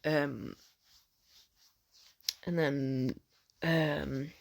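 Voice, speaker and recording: A man's voice: a little high, fairly even intonation, extremely slow, vocal fry, dry recording, clean studio sound. A man rambling through a fan story, swearing a lot, cutting himself off and joking about it. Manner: rambling, sweary, self-interrupting, jokey.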